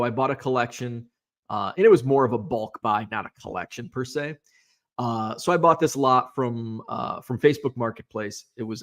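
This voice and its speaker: A man hosting a casual live stream about sports cards, chatting loosely and answering viewer comments with lots of fillers and restarts. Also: medium pitch.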